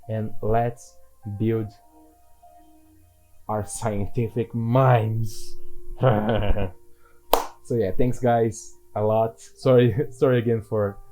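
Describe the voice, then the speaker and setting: A man talks casually over his gameplay in a mellow, darkish voice. He rambles, restarts sentences and keeps putting himself down, while soft music plays quietly behind him. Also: mid-range voice, poor audio. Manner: rambling and self-deprecating, with frequent restarts. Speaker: gaming video creator.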